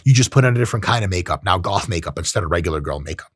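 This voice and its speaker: A man's voice: deep voice, lively intonation, very fast, slightly rough, dry recording, studio quality. A man hosting a podcast, giving a blunt, profane casual monologue and acting out short voices. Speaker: podcast host. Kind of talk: casual monologue on self-improvement.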